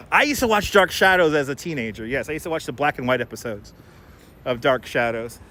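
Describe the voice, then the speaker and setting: A man walks city streets while hosting a casual live stream, chatting, rambling and reading viewer comments aloud through a wireless clip-on mic. His voice is on the high side, expressive, pushed and bright, at normal speed, with slight background noise.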